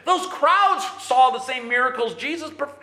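A man preaching a sermon in an animated way, sometimes raising his voice and acting out quick bits of dialogue. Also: extremely high pitch, echoey room. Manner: animated preaching with bursts of shouting; acts out dialogue in quick asides. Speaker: pastor.

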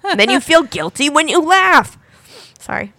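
Woman, thirties, casual mom chat, lively swooping pitch, dry close sound. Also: normal speed, no echo. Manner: animated storyteller, acts out her kids' voices. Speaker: podcast co-host. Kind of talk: casual chat among moms.

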